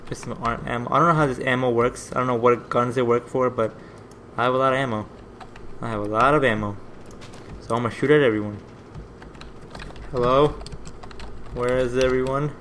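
A man hosting a gaming video, giving rambling let's play commentary that is easily excited and full of swearing. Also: mid-range voice, a little hiss or hum.

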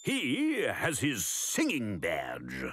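A man's voice: medium pitch, wildly swooping pitch, very slow, fairly bright tone, husky, no room sound. A man narrating a children's cartoon in a reassuring storyteller's manner.

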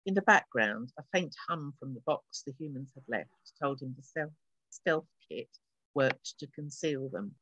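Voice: mid-range voice, a little slow, pushed and bright, dry recording, highs cut off. An author reading an extract from her own science fiction novel aloud, giving the characters light changes of voice.

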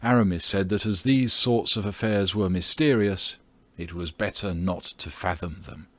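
Male narrator, measured and steady, low husky voice, dry recording. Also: no echo. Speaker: audiobook narrator. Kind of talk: scripted narration.

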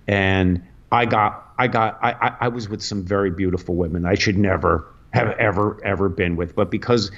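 A male comedian telling rambling anecdotes full of restarts and sudden pitch jumps, as a radio guest. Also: steady tone, normal speed, hardly any pauses, fairly bright tone. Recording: lo-fi radio studio audio.

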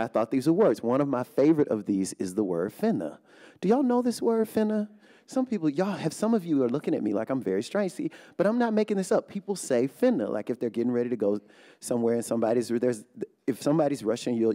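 A man with a Southern Louisiana accent performs at a live poetry reading. His voice is mellow and warm, and his pitch rises and falls in lively swings. He reads his poems slowly and softly, and jokes with the room in between. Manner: slow, hushed delivery of poems; bubbly, animated banter between. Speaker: poet. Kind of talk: poetry reading with audience banter. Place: live reading in a hall with an audience.

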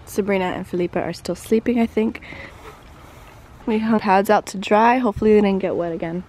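A young woman vlogging at a horse campsite in a groggy morning voice, speaking softly and cooing to her horses, recorded on a handheld phone. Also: medium pitch, fairly quick, noisy background. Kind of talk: casual vlog narration. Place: outdoors at a rainy horse campsite.

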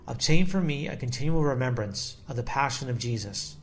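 A man reading a devotional text aloud in a slow, solemn and measured way. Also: mid-range voice, lively intonation. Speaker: devotional reader.

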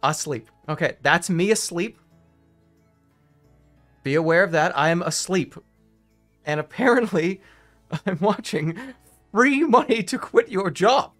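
A male streamer talking casually and excitably, with loud outbursts, swearing and frequent laughter. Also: high-pitched, a little slow, pauses often, soft background music. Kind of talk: casual live-stream chatter.

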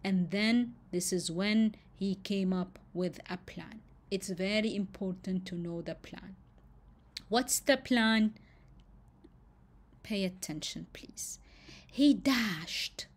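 A woman's voice: medium pitch, takes it slowly. A woman teacher tells a fable to her class, stopping to ask questions and stress key words. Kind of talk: storytelling lesson.

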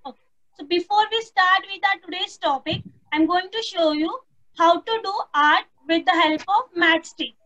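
A woman's voice: extremely high pitch, normal speed, pushed and bright, muffled recording. A woman, teaching young children an online lesson, patiently repeating prompts and imitating animal sounds. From India. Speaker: primary school teacher.

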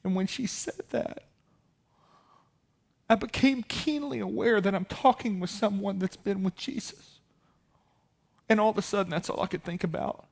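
Male pastor, high-pitched, storytelling sermon that rises to forceful preaching. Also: moderate pace, vocal fry. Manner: storytelling, building to loud emphatic preaching.

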